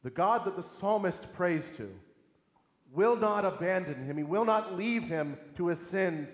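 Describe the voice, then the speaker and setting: A man's voice: high voice, lively intonation, normal speed. A man preaching a sermon in an earnest, emphatic way, asking rhetorical questions. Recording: echoey hall with long reverb.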